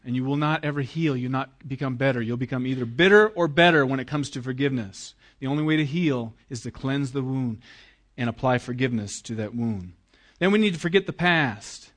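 A man's voice: medium pitch, fairly quick, a bit bright. A middle-aged man, a pastor, preaching a sermon emphatically and acting out the voices he quotes.

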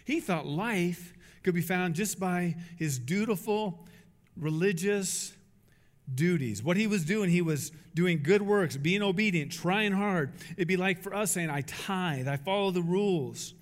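A man's voice: high-pitched, unhurried, in a large hall. A man preaching a sermon, emphatic, asking rhetorical questions and acting out quotes. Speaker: pastor.

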